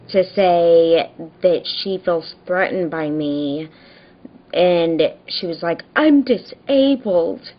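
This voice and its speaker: A young woman with a voice on the low side vents about a neighbor in a casual vlog captured on a muffled recording. She sounds worn out and exasperated, retelling events animatedly with mocking impressions.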